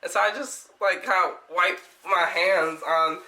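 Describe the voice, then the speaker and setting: A young woman vlogger telling a story in casual chat, animated, laughing often and swearing freely. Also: lowish voice, measured pace, reverberant, slight background noise, rough recording.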